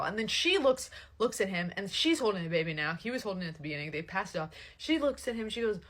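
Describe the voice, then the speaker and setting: A young woman telling a casual storytime, animated and swearing freely, full of fillers. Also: on the low side, fast talker, few pauses.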